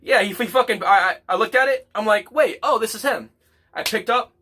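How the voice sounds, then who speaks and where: Man, casual, bright higher voice, rambling storyteller who swears a lot. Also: fairly quick, slightly rough. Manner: rambling, repeats words, swears freely. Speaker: guest.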